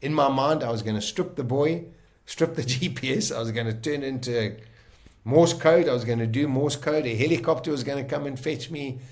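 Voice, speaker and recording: Guy recounting a wild survival story, emotional, halting, restarts a lot, mid pitch voice. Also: a little mellow. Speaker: guest telling his survival story. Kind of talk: casual storytelling.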